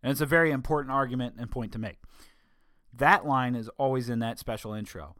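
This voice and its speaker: A man giving an opinion monologue, emphatic with sarcastic asides, slowing down to stress key words. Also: medium pitch, a bit bright, no room sound, studio quality. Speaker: political commentator.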